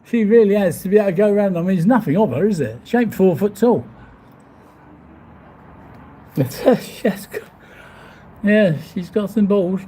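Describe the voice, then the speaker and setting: This man's voice sits high with a dark tone, lively intonation and a brisk pace, and there's a little hiss or hum on the recording. A vlogger on a live stream, he rambles casually from a seafront-view hotel room, laughing often and swearing mildly as he reads viewer comments.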